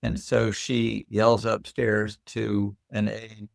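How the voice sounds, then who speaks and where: Gravelly low-voiced older man. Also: a little slow, hardly any pauses, dry recording, clean studio sound. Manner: lively anecdotal storyteller. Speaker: guest. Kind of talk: casual interview storytelling.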